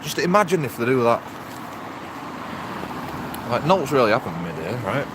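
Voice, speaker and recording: A man's voice: mid-range voice, sing-song, normal speed. A man livestreaming outdoors in town, rambling in an exasperated way and laughing nervously. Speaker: livestreaming auditor. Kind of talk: rambling live-stream vlog. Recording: noisy street traffic behind.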